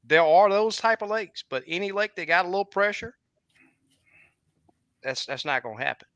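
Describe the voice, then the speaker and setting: A man's voice: high voice, expressive, moderate pace, a bit bright, clear, resonant tone, no echo. A man hosting a casual fishing livestream, talking with many restarts. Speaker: fishing guide and livestream host.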